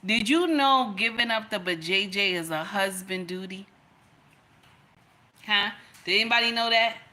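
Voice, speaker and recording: Bright-voiced emphatic woman commentator. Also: mid-range voice, measured pace. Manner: emphatic, repeats phrases for effect, preachy. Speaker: reaction video host. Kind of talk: casual commentary.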